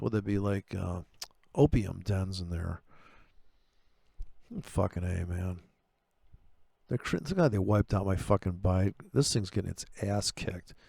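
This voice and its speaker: A fairly low, gravelly male voice recorded close and dry. He rants about trading robots in a sarcastic, exasperated, foul-mouthed way, and his pitch jumps sharply upward when he gets fired up. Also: a little mellow, no echo. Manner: voice jumps far higher when he gets worked up. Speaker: forex trader testing trading robots. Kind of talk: profane ranting commentary over chart playback.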